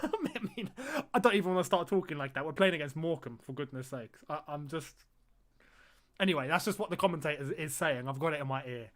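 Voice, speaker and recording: Here a man runs a football watch-along stream, his voice fairly high for a man as he talks loosely to his audience about the live match. The mood is excitable and chatty, with easy laughter and sudden yelps at events on the pitch.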